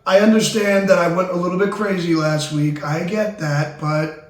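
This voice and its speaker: A man hosting a comedy talk show, ranting loudly and cursing, then turning sentimental. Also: high-pitched, moderate pace. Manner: loud, excitable, cursing, swings between ranting and sentimental. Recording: echoey room, distant mic.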